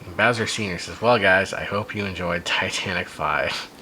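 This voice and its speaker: A man reading a silly fan story aloud for a comedy podcast, with deadpan asides on its plot. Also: deep voice, normal speed, slight background noise, low-quality recording. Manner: amused, reads dialogue in a flat deadpan with asides.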